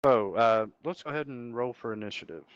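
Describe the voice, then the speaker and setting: A man's voice: mid-range voice, brisk, smooth, no echo, highs cut off. A man running a tabletop game as game master over voice chat, laid-back and teasing.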